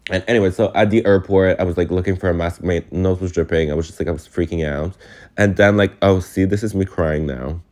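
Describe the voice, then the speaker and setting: Low-voiced young man rambling casually. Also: steady tone, brisk, a little mellow. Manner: rambling, heavy filler words; emotional, confiding. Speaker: vlogger. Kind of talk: casual storytime vlog.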